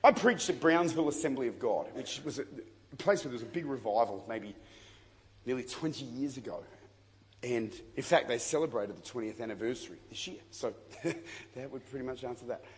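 Animated preacher in a reverberant hall. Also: male voice, medium pitch, a little fast. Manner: storytelling, animated and jokey, with bursts of shouting. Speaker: pastor. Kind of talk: sermon. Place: large church hall. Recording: long hall reverb, faint crowd ambience.

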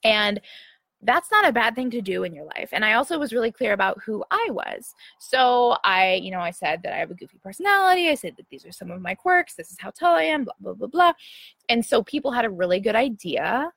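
A woman's voice: on the high side, sing-song, a little fast, creaky, a bit bright, dry recording. A young adult woman hosting a casual livestream, speaking in a chatty way with many fillers and frequent "right?" checks to her viewers. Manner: chatty, filler-heavy, often asks "right?". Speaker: livestream host answering viewers. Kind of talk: casual motivational chat.

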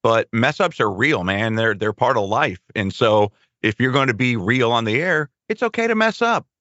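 A man's voice: lowish voice, moderate pace, a bit bright, no room sound. A middle-aged man, a longtime radio co-host, chatting casually in a reflective, easygoing way. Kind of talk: casual chat. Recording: dry, dull lo-fi sound.

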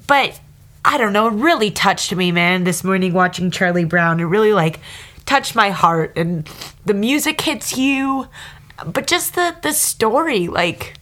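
A woman's voice: medium pitch, expressive, a little slow, fairly bright tone. Brief: woman podcast co-host, earnest and a bit emotional, meandering casual chat.

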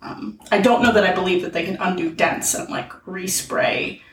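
A woman's voice: lowish voice, normal speed, echoey room, recorded from a distance, a little hiss or hum, poor audio. A woman co-hosting a casual podcast chat, retelling movie scenes with quoted lines. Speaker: podcast co-host.

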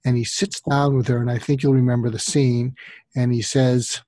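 A man's voice: medium pitch, flat delivery, moderate pace, warm tone. A man co-hosting a podcast, retelling a film scene in a playful storytelling way. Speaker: podcast co-host. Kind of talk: casual chat.

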